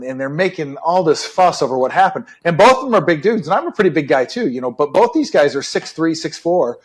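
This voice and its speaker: Middle-aged ex-detective guest, slightly high voice, relaxed and chatty. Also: male voice. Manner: relaxed, chatty, many "right?" and "you know". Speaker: retired police detective guest. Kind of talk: casual storytelling interview.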